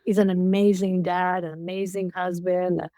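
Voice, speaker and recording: A woman's voice: lowish voice, little pitch movement, normal speed, dark tone, dry recording. An older woman, a co-parenting coach, telling personal stories in an emotional, repetitive way as a podcast guest. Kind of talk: casual interview chat.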